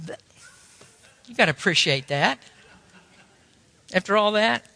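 Bright high-voiced man preaching a sermon. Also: animated, measured pace, vocal fry, big-room sound. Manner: storytelling, folksy and emphatic.

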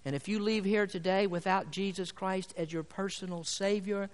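A male pastor preaching a sermon, building to loud appeals and pressing rhetorical questions at his congregation. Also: sits high, level tone, moderate pace. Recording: long hall reverb.

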